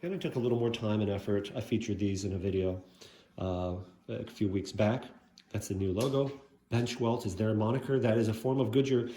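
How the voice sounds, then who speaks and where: A man's voice: fairly low pitch, brisk, warm tone, reverberant, a little hiss or hum. A man chatting casually about his shoe collection, rambling with lots of fillers and asides. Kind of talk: casual show-and-tell vlog.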